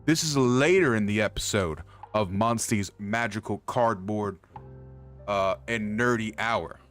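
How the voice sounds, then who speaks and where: A man with a lowish voice and fairly bright tone hosts his own livestream, speaking a little slowly over faint music. He chats with his viewers in a hyped, loose, profane way, talking directly to the chat.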